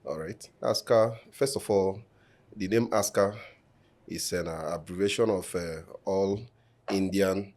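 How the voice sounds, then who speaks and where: Deep-voiced man, measured and formal. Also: steady tone, darkish tone. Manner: measured, formal, with frequent fillers. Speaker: election candidate. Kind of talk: interview answers. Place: podcast studio.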